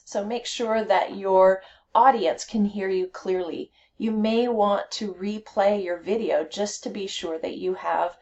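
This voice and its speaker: A woman's voice: mid-range voice, a little mellow. Patient woman teaching an English lesson. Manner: clear, patient, deliberate delivery. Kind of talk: classroom instruction video.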